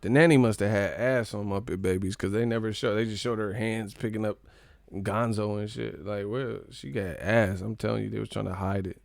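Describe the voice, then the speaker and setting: Gravelly-voiced man, loose profane banter. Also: steady tone, normal speed, dry recording, studio quality. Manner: profane, joking, mocking chat in silly high voices. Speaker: live stream host. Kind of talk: casual live-stream chat reading comments.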